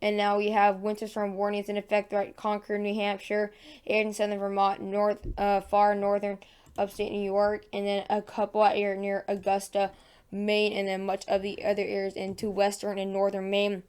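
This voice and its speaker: A woman's voice: medium pitch, completely flat delivery, moderate pace, darkish tone, clear, resonant tone. A woman hosting a casual weather forecast vlog in her just-woken morning voice, chatty and full of fillers and self-corrections. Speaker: weather channel host.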